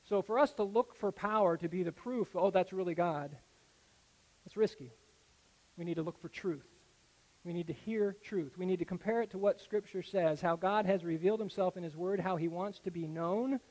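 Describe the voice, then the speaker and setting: A man preaching a sermon that explains a Bible passage, earnest and explanatory, often dropping to a soft, low tone. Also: moderate pace. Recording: echoey hall with long reverb.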